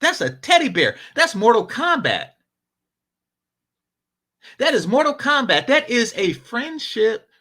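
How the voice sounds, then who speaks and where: Brief: male commentator, casual and profane, bright tone, very lively intonation. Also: very high-pitched, slow pace, pauses often. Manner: animated, profane storyteller. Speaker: panel commentator.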